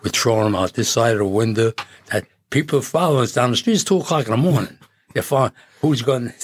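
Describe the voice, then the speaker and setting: A man's voice: medium pitch, animated, fast talker, a little hiss or hum. A man in his eighties from City, telling rambling stories as a podcast guest. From Jersey City, New Jersey. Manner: rambling, with frequent restarts and chuckles. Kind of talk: casual storytelling.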